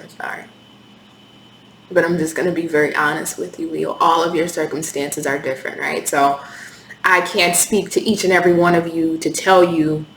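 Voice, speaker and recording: A woman's voice: fairly low pitch, fairly bright tone. A woman giving a candid, intense tarot reading to camera, swearing freely as she talks. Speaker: tarot reader. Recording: echoey room with faint hiss.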